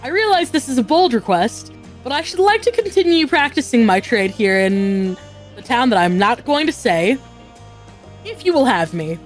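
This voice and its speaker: A woman reading out a humble male artisan's lines from a game, plainly and a bit haltingly. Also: a little high, sing-song, faint music behind. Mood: earnest. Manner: read aloud haltingly, plain without accents.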